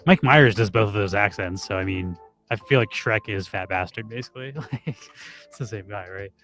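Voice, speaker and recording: A man casually chatting and reacting to videos as co-host, laid-back and quick to laugh. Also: fairly low pitch, a bit bright, faint music behind.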